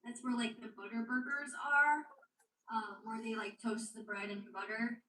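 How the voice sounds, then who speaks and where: A woman's voice: fairly high pitch, fairly even intonation, moderate pace, bright, forceful tone, recorded from a distance, a little hiss or hum. A woman guest in a casual livestream chat, speaking hesitantly and unsure of herself. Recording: roomy, from off-mic.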